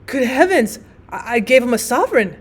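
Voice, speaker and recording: A woman voicing a luckless young gentleman who speaks in a sulky, flustered way. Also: fairly high pitch, animated, normal speed, natural voice.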